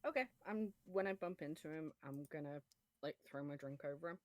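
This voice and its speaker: A woman playing a tabletop game, relaxed and playful in casual chat. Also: low-pitched, fairly quick, no echo. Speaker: player.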